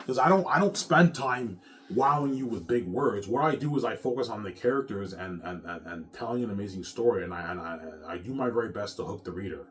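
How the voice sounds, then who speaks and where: Brisk and lively in intonation, his lowish voice carries slight background noise. The speaker is an author vlogger in his thirties delivering a rambling, profane rant to his viewers, often restarting, repeating words, and tagging sentences with "man."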